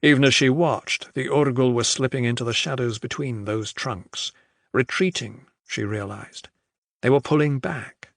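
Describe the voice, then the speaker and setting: A man narrating a fantasy audiobook in a measured, even storytelling voice. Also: mid-range voice, gravelly, no room sound, studio quality. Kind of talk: scripted narration.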